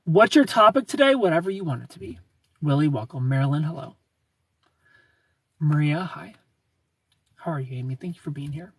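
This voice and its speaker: A man hosting a casual livestream, greeting viewers by name and answering their comments in a relaxed, chatty way. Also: on the high side, moderate pace, long pauses, husky, distant mic. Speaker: livestream host.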